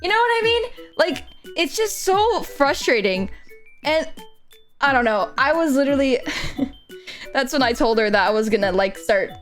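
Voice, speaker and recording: A woman with a somewhat high voice chats to her stream while she works on a drawing. She rambles through an annoyed story, cursing casually and filling every pause with "like." Soft music plays faintly behind her. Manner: rambling and profane, heavy use of "like", animated retelling. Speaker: streamer and commission artist.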